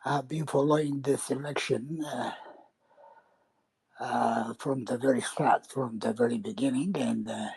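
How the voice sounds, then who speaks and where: A male caller who whispers and sounds out of breath, with a very raspy, gravelly voice. He speaks slowly and haltingly, searching for his words. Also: mid-range voice, fairly even intonation, a little mellow, no room sound, poor audio.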